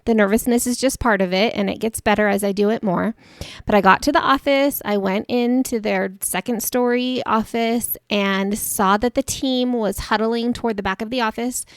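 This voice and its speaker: A woman's voice: fairly high pitch, steady tone, moderate pace, clear, resonant tone, no room sound, studio quality. A woman hosting a podcast, telling a personal story in a chatty way and laughing at herself. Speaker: podcast host.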